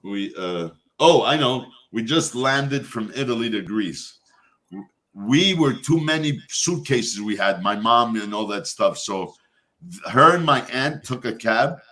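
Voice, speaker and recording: A man hosting a casual chat, telling a family story with lively quoted voices. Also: mid-range voice, measured pace. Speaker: host.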